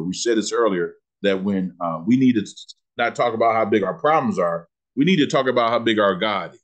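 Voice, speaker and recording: Husky preaching man, drawl. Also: lowish voice. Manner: preacherly, asks questions and answers them, slows down on scripture. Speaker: pastor teaching a Bible lesson. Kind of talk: sermon-style Bible teaching.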